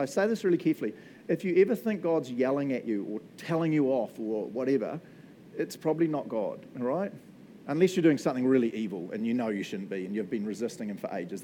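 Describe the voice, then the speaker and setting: A man's voice: mid-range voice, warm tone, a little hiss or hum, low-quality recording. A man, teaching the Bible in a casual, chatty way, often checking in with "right?" and laughing as he goes. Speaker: pastor.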